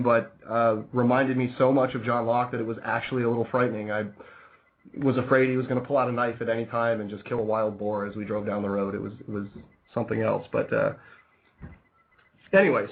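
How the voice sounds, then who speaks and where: A man hosting a radio show, chatting casually and rambling, plugging sponsors and reading out the call-in number. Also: medium pitch. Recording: tinny phone-like lo-fi sound.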